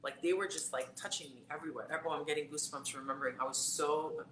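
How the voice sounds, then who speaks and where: A woman's voice: low voice, steady tone, fast talker, a bit bright. A woman, a psychic tarot reader, telling a personal story in casual conversation with lots of fillers. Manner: chatty storytelling, many fillers. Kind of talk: casual live-stream conversation. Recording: roomy echo with faint background noise.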